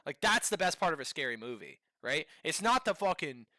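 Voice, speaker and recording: Male streamer, live reaction commentary, bright and swinging delivery, profane and rambling. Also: fairly high pitch, big pitch swings, fairly quick, no room sound, studio quality.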